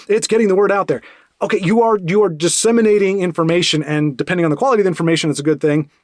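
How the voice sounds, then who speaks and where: A man talking in a casual, rambling monologue, animated and full of restarts and asides. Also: high-pitched, very fast, no room sound, clean studio sound. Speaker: podcast host.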